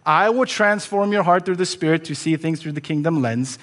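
A man's voice: on the high side, a little fast, fairly bright tone. A man preaching a sermon as pastor, earnest and conversational, asking his listeners pointed rhetorical questions. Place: church sanctuary. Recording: long church reverb.

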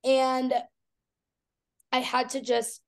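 Young woman guest, high voice, blunt and profane, animated storyteller. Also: very slow. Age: 20s. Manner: blunt, swears freely, animated retelling. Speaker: guest, fitness athlete. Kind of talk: candid interview talk.

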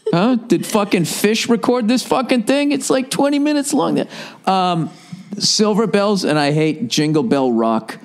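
A man in his forties hosting a podcast, telling comic stories in a casual, profane way and laughing at his own jokes. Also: high-pitched. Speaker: podcast host. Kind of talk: casual comedic storytelling.

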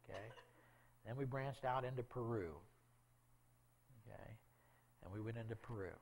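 A middle-aged man shares a heartfelt missionary testimony from the pulpit. His voice has a gravelly edge, and he keeps checking in with the congregation as he tells the story. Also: medium pitch, moderate pace. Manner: emotional storytelling with frequent "okay?" asides. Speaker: missionary speaker. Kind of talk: testimony in a church talk.

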